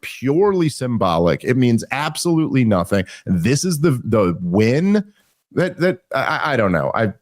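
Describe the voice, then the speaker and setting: A man hosting a political talk show, sarcastic and animated, rambling through restarts. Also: mid-range voice, no echo, clean studio sound. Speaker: podcast host. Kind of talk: casual political commentary.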